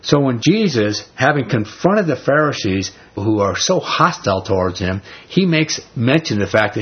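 A man preaching a sermon in a slightly husky voice, moving from reading scripture into emphatic, conversational explanation. The recording is dull and lo-fi, with a medium-pitched voice. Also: moderate pace, few pauses. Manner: conversational, emphatic, animated paraphrasing.

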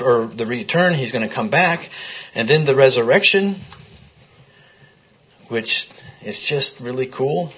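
A man with a slightly husky voice teaches scripture to a small group in a room. He reads passages aloud and keeps stopping to put questions to his listeners. The recording sounds muffled and lo-fi. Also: medium pitch. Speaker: Bible study teacher. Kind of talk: interactive Bible teaching. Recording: dull lo-fi recording.

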